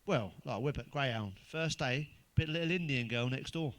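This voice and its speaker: A middle-aged stand-up comic with a mid-range voice speaks at a normal speed. His monologue is rambling and blunt, packed with swearing, and he laughs at his own punchlines as he tells crude jokes.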